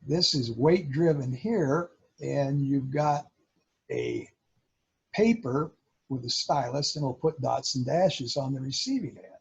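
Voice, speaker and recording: A man's voice: medium pitch, animated, takes it slowly, gravelly, husky, highs cut off. A man presenting at a radio club, explaining in a show-and-tell talk and sounding out Morse code.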